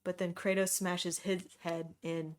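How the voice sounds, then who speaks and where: A woman hosting a book club podcast, casually retelling a plot with quick, jokey asides. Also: on the low side, level tone. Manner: quick, jokey retelling with playful voiced quotes.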